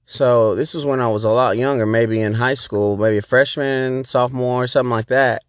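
A man's voice: medium pitch, steady tone, moderate pace, smooth, no room sound. A man hosting a podcast, telling a rambling, profane story in a laid-back, casual way. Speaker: podcast host.

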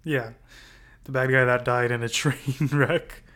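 A man co-hosting a casual movie discussion, talking in a laid-back, halting way and offering contrary opinions. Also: mid-range voice, steady tone, a bit bright. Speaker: podcast co-host.

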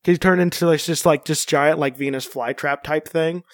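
A man's voice: fairly high pitch, fairly even intonation, moderate pace, no room sound, clean studio sound. A man chatting casually as a podcast co-host, rambling with many fillers and restarts and joking around. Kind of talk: casual chat.

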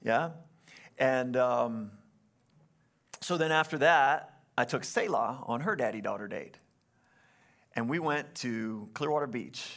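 A young adult man, a pastor, telling a story in a sermon in an animated way and acting out the quotes. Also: mid-range voice, creaky.

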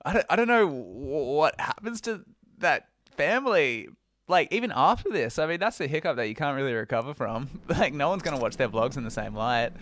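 A man co-hosting a casual chat with a wry, self-deprecating manner. His voice is bright and sharp, recorded dry with no room sound. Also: a little high, lively intonation, fairly quick, dry recording. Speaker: podcast co-host.

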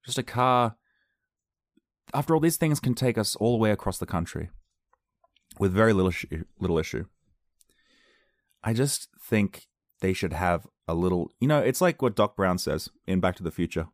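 A man's voice: lowish voice, lively intonation, normal speed, pauses often, dry recording, clean studio sound. A man chatting casually to his viewers, rambling through a story, repeating words and laughing easily. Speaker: vlogger.

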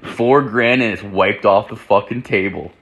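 A man's voice: fairly low pitch, a little slow, fairly bright tone, husky. A young man casually telling a rambling, profane story about a friend, full of fillers and quoted back-and-forth.

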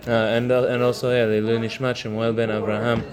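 A man giving an informal Torah lesson, talking conversationally, mixing in Hebrew terms and telling stories with halting fillers. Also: medium pitch, little pitch movement, a crowd in the background. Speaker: Torah class teacher. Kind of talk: informal religious lesson with storytelling.

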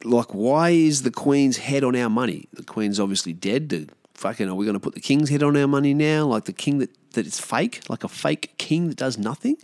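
Australian man, podcast host, gravelly voice, dry close sound, blunt sweary rant. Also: mid-range voice, animated, fairly quick, few pauses, a little mellow, dry recording. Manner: sweary, blunt, frustrated ranting.

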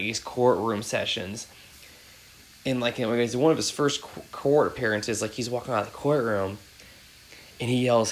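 A man's voice: medium pitch, fairly bright tone, rough recording. A man in his thirties hosting a podcast, chatting casually and rambling with many fillers. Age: 30s. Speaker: podcast host.

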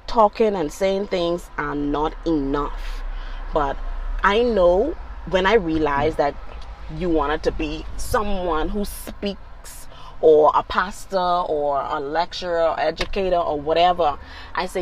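A woman's voice: fairly low pitch, measured pace, slight background noise, low-quality recording. A middle-aged woman, a mother talking casually with her grown son, reflective and full of "you know" fillers. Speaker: guest, mother of the host. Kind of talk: casual conversation.

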